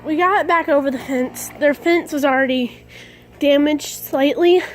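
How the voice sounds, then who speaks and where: Young woman w a high voice rambling a story to her camera, giggly n dramatic. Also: a little slow, soft background music. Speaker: vlogger. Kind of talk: casual storytelling vlog.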